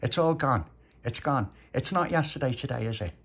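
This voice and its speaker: A man's voice: medium pitch, expressive, normal speed, sharp tone, husky, pitched above the performer's own voice, exaggerated voice. A man voicing a prim, proud little girl who speaks firmly and emphatically.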